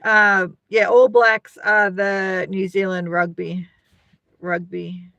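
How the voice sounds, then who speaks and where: A middle-aged Australian woman hosts a live stream, chatting casually and rambling while greeting viewers by name as she reads their comments. Her mid-range voice is gravelly and fairly bright, with little pitch movement, and she takes it slowly; there's no room sound.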